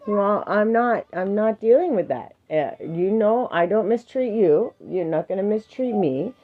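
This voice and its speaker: A woman's voice: mid-range voice, expressive, measured pace, narrow, tinny audio. A woman streaming live, reading affirmations and firmly but patiently parenting her child in between, laughing often.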